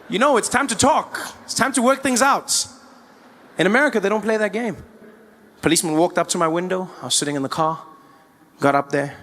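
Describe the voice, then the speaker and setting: A man doing stand-up, telling a story with animated, stammering delivery. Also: sits high, a little fast. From South Africa. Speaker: stand-up comedian.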